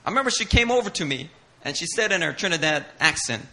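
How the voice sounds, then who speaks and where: A male pastor, a native Korean speaker, tells a sermon story in an animated way, acting out voices and laughing often. His voice sits fairly high, swings widely in pitch, and has a bright, forceful edge. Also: fast.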